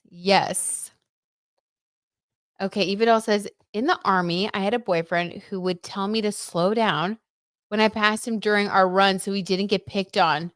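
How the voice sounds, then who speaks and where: A woman's voice: medium pitch, fairly even intonation, measured pace, dry recording, clean studio sound. A young woman hosting a tarot livestream, chatting casually with viewers and gushing about what she sees in the cards. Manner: chatty, gushing, many "like"s and "oh my God"s; reads out viewer comments.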